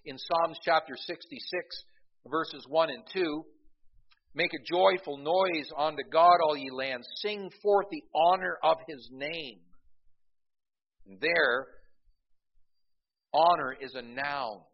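A male pastor with a slightly husky voice delivers a sermon. He leans on humorous stories and keeps calling out to the congregation for amens. The recording sounds dull and lo-fi. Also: fairly high pitch, slow, pauses often.

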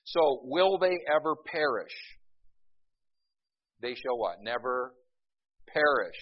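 A man's voice: mid-range voice, expressive, measured pace, pauses often. A man preaching a sermon to a class, asking the room questions and answering them himself, rising for emphasis. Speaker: preacher teaching a Bible class. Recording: dull lo-fi recording.

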